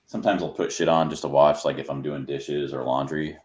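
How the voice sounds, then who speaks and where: A man's voice: a bass voice, steady tone, fairly quick, darkish tone. A man in casual chat, laid-back, dropping dry quips. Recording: roomy echo.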